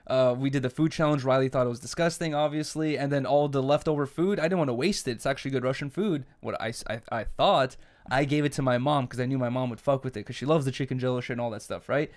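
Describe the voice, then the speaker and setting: A young man talks loosely on a casual podcast, drifting from story to story in a relaxed ramble. He swears often and keeps an easygoing, mid-range voice throughout. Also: medium pitch. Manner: rambling, laid-back, swears a lot. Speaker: podcast co-host. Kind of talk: casual chat.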